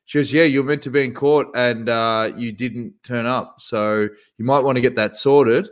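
A man co-hosting a casual podcast, telling a story with lively acted-out voices. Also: mid-range voice, moderate pace. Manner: animated, acts out voices in his stories. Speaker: podcast co-host.

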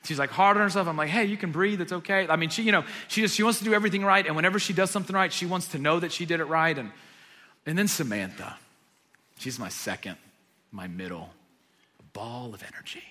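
A man in his thirties, a pastor giving a sermon, telling a family story and swinging from hushed asides to loud emphatic preaching. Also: fairly high pitch, fast talker. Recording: long reverb of a large hall.

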